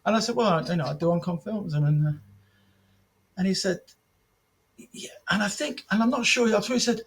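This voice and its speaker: A man as a podcast guest, telling animated anecdotes, acting out quoted dialogue with frequent restarts. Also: high voice, brisk, creaky, slight background noise. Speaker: podcast guest, martial arts film promoter and author. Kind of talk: casual podcast storytelling.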